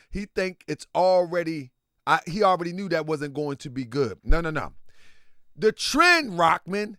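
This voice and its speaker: A man's voice: sits high, creaky, a bit bright, no echo, studio quality. A man hosting a livestream, talking casually and animatedly to his chat and repeating himself for emphasis. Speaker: livestream host.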